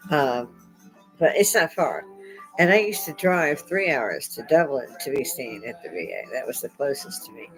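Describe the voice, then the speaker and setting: A middle-aged woman chats loosely to her online audience in a fairly low voice. She sounds sore and close to tears, yet laughs often and jokes with irreverent humor. Faint music plays quietly behind her. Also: rough recording. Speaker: vlogger hosting her own channel. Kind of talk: casual rambling chat to viewers.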